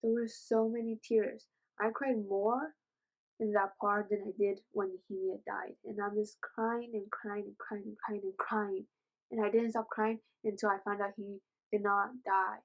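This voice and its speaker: A woman's voice: mid-range voice, moderate pace, rough recording. Gushing woman book reviewer. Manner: gushing, excitable, says "oh my gosh" often; rambling retelling with many fillers. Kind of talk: casual book review vlog.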